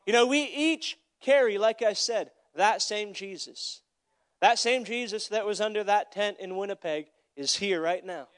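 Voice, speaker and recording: A young man preaching a sermon as a traveling evangelist, telling a story and swinging from quiet asides to loud calls to the crowd. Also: high voice, measured pace, clear, resonant tone. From Florida.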